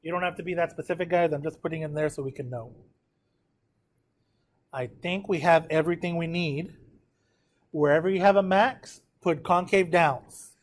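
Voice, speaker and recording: In a math class, a man whose voice is on the high side guides students through a graph step by step. He counts numbers out loud and often checks that they're following along.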